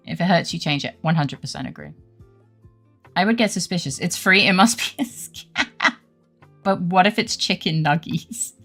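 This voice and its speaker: A young woman streamer talks casually to her chat, joking and laughing often, with swearing dropped in easily. Her voice sits low and carries a lot of gravelly fry. Quiet music plays faintly underneath. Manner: giggly, playful, swears casually. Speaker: game streamer. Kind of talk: casual chat reading live chat.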